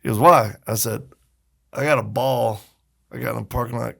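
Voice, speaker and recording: Male guest, gravelly voice, casual storyteller who acts out the people in his stories. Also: medium pitch, moderate pace, fairly bright tone. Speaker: podcast guest.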